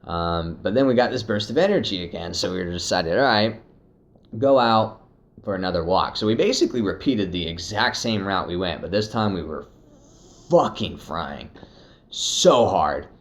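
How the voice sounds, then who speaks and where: A young man casually telling a personal story, profane and animated, slipping into acted quotes. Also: deep voice, normal speed. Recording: dull lo-fi recording.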